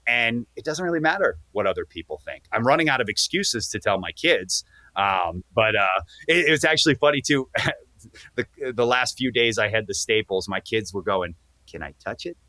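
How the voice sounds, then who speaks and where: A man in his thirties, a wrestler guest on a podcast, telling earnest stories in casual, animated talk. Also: fairly low pitch, moderate pace, no room sound. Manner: earnest, animated, speeds up when excited. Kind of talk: casual interview storytelling.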